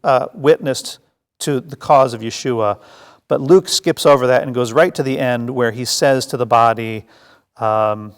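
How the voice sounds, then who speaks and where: Gravelly man teaching in a hall. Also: medium pitch, a little slow. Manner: lively storytelling that acts out scenes, with many fillers and restarts. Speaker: Bible study teacher. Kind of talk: congregational Bible teaching. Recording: long reverb of a hall.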